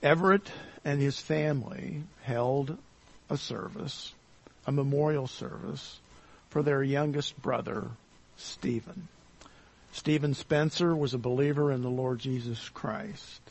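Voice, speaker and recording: A man delivers a sermon at an unhurried pace, pausing often and circling back to rephrase his points. His voice is gravelly and husky, with a rough edge under each phrase. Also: medium pitch. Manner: halting, deliberate delivery with many uh fillers and restatements. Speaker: pastor.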